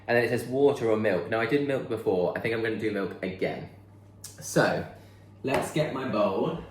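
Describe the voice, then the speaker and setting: A man's voice: lowish voice, normal speed, reverberant, slight background noise. A man chatting casually as he bakes in his kitchen, thinking aloud as he goes. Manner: chatty, rambling, thinks aloud while baking. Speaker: vlogger. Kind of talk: casual chat. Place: home kitchen.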